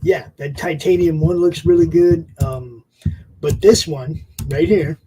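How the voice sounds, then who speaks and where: A man with a fairly high, husky voice rambles through a casual livestream chat. He talks offhand and swears casually as he co-hosts. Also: measured pace, mellow, low-quality recording. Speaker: co-host.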